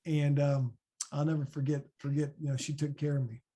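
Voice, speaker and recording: A man in his thirties with a Midwestern American accent, answering podcast questions as a former linebacker in a chatty, animated way. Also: a little high, brisk. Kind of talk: casual podcast Q&A.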